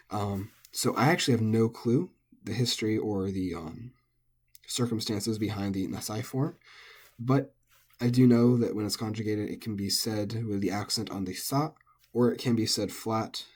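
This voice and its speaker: A man with a husky, slightly low voice explains pronunciation rules in a loose, unscripted way. He thinks out loud, fills pauses with ums and often corrects himself mid-sentence. He sounds like a native English speaker teaching a lesson. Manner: relaxed, thinking aloud with frequent ums and self-corrections. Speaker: language teacher. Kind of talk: casual recorded lesson.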